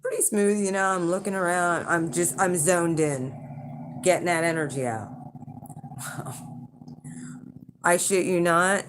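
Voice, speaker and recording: A channel host and intuitive reader chats to her viewers in a rambling, casual story, swearing and chuckling along the way. Her voice is fairly low, and she speaks unhurriedly with long pauses over a faint hiss or hum.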